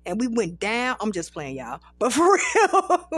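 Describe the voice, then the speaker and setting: High-voiced profane woman telling stories. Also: measured pace, breathy edge, dry recording. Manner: profane, rambling, animated storytelling. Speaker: podcast host. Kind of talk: casual storytelling monologue.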